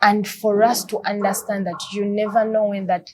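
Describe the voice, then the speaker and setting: A woman's voice: medium pitch, level tone, normal speed, noisy background. A woman speaks earnestly as an interview guest, often repeating words while she searches for what to say next. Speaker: guest talking about her husband's illness. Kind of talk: emotional interview talk.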